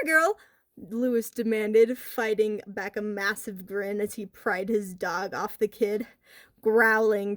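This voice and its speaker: A woman narrating a horror story in a lively, expressive way with a wry edge. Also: mid-range voice, dry recording, studio quality.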